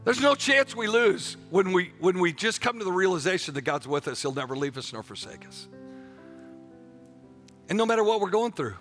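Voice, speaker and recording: A man's voice: sits high, expressive, moderate pace, a bit bright, faint music behind. A man preaching a passionate sermon, leading the congregation in call-and-response declarations and breaking into joking asides. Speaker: pastor.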